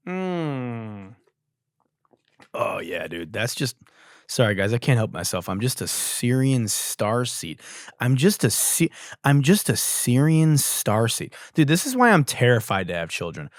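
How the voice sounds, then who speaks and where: A man's voice: medium pitch, dry recording. Sarcastic young man riffing, dry sound. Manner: crude, sarcastic, jumps between mumbles and loud outbursts. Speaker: podcast host. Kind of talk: casual comedy riffing.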